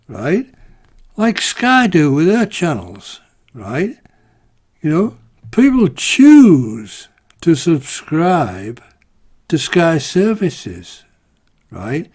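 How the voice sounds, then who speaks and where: Speaking to camera in a laid-back vlog, this UK man delivers an exasperated, rhetorical rant full of "right?" and "you know." His medium-pitched, husky, darkish voice swings widely in pitch and stretches out words.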